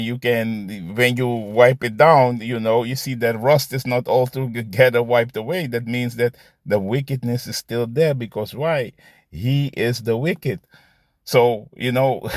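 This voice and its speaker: A man's voice: mid-range voice, measured pace, dry recording, clean studio sound. A man preaching casually, often tagging "man" and "you see" onto his points and laughing between them. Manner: repetitive, ends phrases with "man" and "you see". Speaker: street preacher. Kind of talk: casual preaching with scripture readings.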